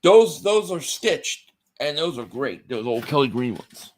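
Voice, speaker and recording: A medium-pitched man speaking unhurriedly co-hosts a casual sports podcast, telling stories with animation and reading viewer chat aloud.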